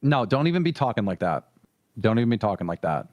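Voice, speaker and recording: A man's voice: lowish voice, big pitch swings, darkish tone, dry recording. A man heard in a played clip, firmly scolding a caller about threats. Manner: quick and firm, scolding.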